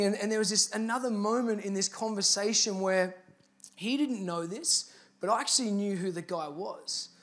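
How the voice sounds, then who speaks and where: A man's voice: high-pitched, a bit bright. A man with an Australian accent, a pastor telling a personal story in a sermon and building to earnest, emphatic appeals. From Victoria, Australia.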